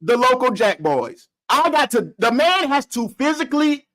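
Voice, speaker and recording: A man putting on the voice of a smug male relationship guru who lectures in a calm, condescending, mock-serious way. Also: very high voice, normal speed, heavily acted, low-quality recording. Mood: smug lecturing. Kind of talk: comedic impression.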